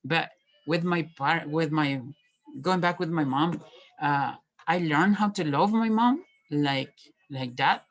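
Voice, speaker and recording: Halting, soft-spoken man reflecting. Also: on the high side, low-quality recording. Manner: halting, many restarts and pauses. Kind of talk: personal reflective monologue.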